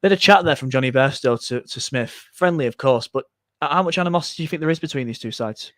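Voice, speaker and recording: A man co-hosting a live cricket watchalong, chatting quickly and casually, often checking for agreement with tag questions. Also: mid-range voice, a bit bright, dry recording, studio quality. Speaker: cricket podcast co-host.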